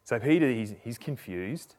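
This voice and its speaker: A man's voice: mid-range voice, moderate pace. Chatty man preaching in casual storytelling style. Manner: relaxed, chatty retelling with slang and frequent restarts.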